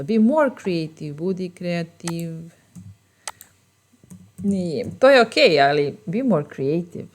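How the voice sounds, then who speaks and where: Slow, patient Serbian-accented woman teacher. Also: fairly low pitch. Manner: repeats each phrase slowly, explains patiently. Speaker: language teacher. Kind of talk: bilingual phrase lesson.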